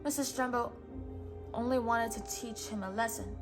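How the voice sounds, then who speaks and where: A woman's voice: a little high, fairly even intonation, normal speed, music in the background. Woman reading a children's storybook aloud. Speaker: storybook reader.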